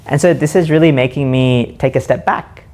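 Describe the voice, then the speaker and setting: A man hosting a reflective spoken monologue, slowly musing and asking himself questions aloud. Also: medium pitch, a little mellow. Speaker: host.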